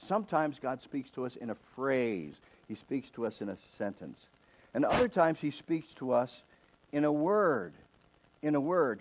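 Animated preacher, lively pitch, lo-fi. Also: male voice. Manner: animated storytelling, acts out quoted voices. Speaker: pastor. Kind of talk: sermon with personal story. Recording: dull lo-fi recording.

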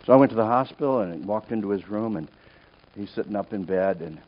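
An older man, a pastor, telling a story in a sermon, with big swings from joyful shouts to a near hush. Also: fairly low pitch, fairly quick. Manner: animated storyteller, shouting in joy then dropping to a hush. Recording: dull lo-fi sound with faint hiss.

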